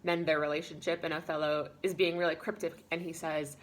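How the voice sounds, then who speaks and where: A woman's voice: low-pitched, little pitch movement, fairly quick, slight background noise. A woman giving a casual spoken lesson summary as a teacher, talking informally with lots of fillers and paraphrasing characters' lines.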